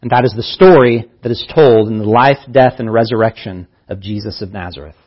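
Earnest preacher, husky, muffled audio. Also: male voice, on the low side, a little fast. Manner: earnest teaching, repeating key phrases for emphasis. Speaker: pastor. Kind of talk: sermon.

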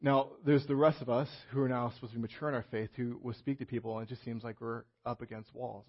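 A man preaches in a rambling, conversational storytelling way. His voice is gravelly and a little husky. The recording sounds dull and low-fidelity. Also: flat delivery, quick pace, hardly any pauses. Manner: conversational storytelling with many restarts and fillers. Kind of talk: sermon with personal story.

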